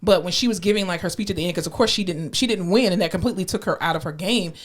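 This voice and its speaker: A woman's voice: on the low side, rapid-fire. A young woman co-hosting a podcast, chatting casually, agreeing often and speaking emphatically with some swearing. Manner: emphatic, supportive, frequent agreeing interjections, swears. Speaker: podcast co-host. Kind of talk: casual chat.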